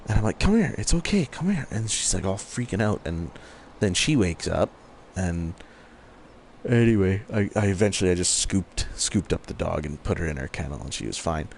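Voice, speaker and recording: A man's voice: low-pitched, creaky, slight background noise. A man chatting casually while gaming, rambling through a story with lots of fillers. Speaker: co-host.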